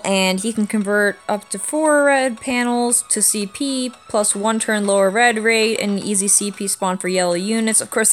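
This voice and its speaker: A young woman with a congested, stuffy voice from a cold, hosting her own channel and chatting casually as she explains a game's mechanics. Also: medium pitch. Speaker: YouTube gaming channel host. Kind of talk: casual gacha-game commentary.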